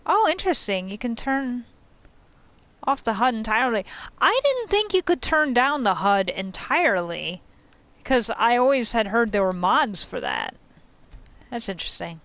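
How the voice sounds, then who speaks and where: A woman's voice: on the high side, huge pitch swings, normal speed, fairly bright tone. A woman casually commenting on her game as she plays, thinking aloud and trailing off mid-sentence. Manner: chatty, thinking aloud, hesitant with fillers. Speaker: gamer playing and commenting. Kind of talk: casual let's-play commentary.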